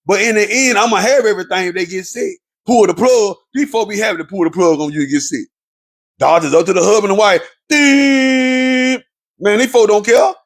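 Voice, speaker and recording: A relationship commentator delivers an impassioned, preachy monologue to viewers, repeating his points for emphasis. His high, husky voice moves quickly with lively intonation.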